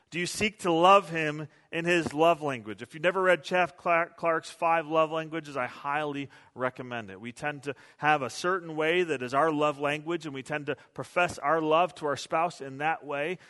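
A man's voice: on the high side, bright, forceful tone, in a large hall. A male pastor preaching a sermon in a conversational, self-deprecating storytelling way, recorded in a church sanctuary.

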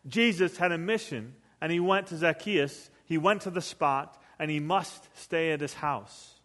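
A middle-aged man preaching in a hall with a long echo. His voice sits a bit high for a man. He tells stories, acts out quotes, and swings from near-whispers to loud bursts. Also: a little slow. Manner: storytelling with acted quotes, animated swings in volume. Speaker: pastor. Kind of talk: sermon.

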